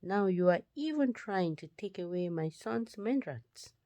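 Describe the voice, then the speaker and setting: A woman's voice: medium pitch, lively intonation, a little slow, mellow, no room sound. A woman reading the lines of an unloved wife who hopes for her husband's love, in a plain, earnest voice.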